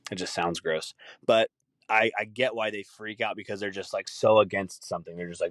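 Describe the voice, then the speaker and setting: A man's voice: on the low side, a little fast, a bit bright, dry recording, clean studio sound. A man hosting a podcast, rambling in a casual solo rant full of swearing and laughter. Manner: rambling, profane, laughing often. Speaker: podcast host.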